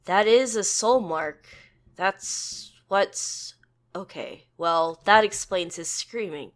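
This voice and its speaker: A woman voicing a calm elder male ancestor and preacher who speaks softly and steadily. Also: mid-range voice, slow pace, natural voice. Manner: soft, steady and reassuring.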